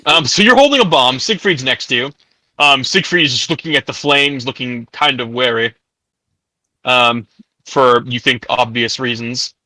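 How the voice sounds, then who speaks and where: A man's voice: medium pitch, normal speed, pushed and bright, no echo, low-quality recording. A man narrating as game master of a tabletop game in casual chat, with many filler words. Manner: casual, many ums and likes, laughs often.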